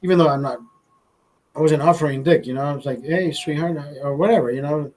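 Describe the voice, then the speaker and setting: A man tells a story in a casual, profane way, his voice sitting a bit higher than most men's. He jumps into the voices of the people he quotes as he goes. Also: fast, poor audio. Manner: profane, animated, acts out quotes. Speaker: host.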